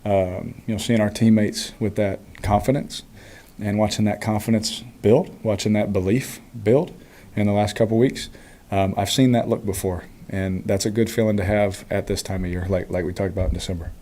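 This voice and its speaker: Man, 30s, quarterback at a postgame presser, easygoing, laughs often, mellow low voice. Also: normal speed. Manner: relaxed, chuckling, many fillers. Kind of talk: postgame press conference answers.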